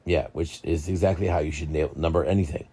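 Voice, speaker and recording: A man's voice: a bass voice, fast talker, husky. A young man hosting a casual book chat, rambling and joking as he tells stories. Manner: rambling, jokey, lively storytelling. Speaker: book channel host.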